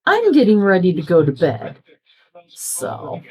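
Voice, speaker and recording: A woman's voice: lowish voice, wildly swooping pitch, unhurried, mellow. A middle-aged woman chatting casually while crafting, rambling from story to story and acting out what people said. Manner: chatty, rambling, acts out quoted dialogue. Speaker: crafting vlogger.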